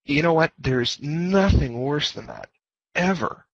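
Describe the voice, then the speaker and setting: A man's voice: fairly high pitch, expressive, measured pace, creaky, no echo. A man giving a guest lecture on leading fleets, talking casually and joking, repeating his key points over a headset. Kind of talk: informal lecture over voice chat. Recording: dull lo-fi voice chat audio.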